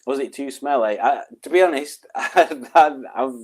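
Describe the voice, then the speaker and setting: A man's voice: medium pitch, normal speed, a little mellow. Chatty man streaming live. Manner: rambling, chatty, with frequent ums and chuckles. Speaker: live streamer reading chat. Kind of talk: casual live-stream chat.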